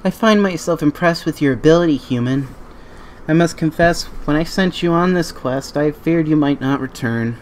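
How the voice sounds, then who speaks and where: A man's voice: on the high side, a little hiss or hum, pitched above the performer's own voice, close to an everyday voice. A man reading as a stately quest-giver. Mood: solemn. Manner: stately, measured reading of game dialogue. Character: formal, grateful fantasy quest-giver. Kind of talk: reading game dialogue aloud.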